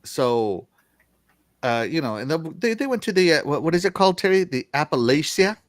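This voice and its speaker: Man, show host, animated pitch, dry close sound, rambling casual chat, frequent laughter. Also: fairly quick, dry recording. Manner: chatty, rambling, laughs often. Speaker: gaming news show host.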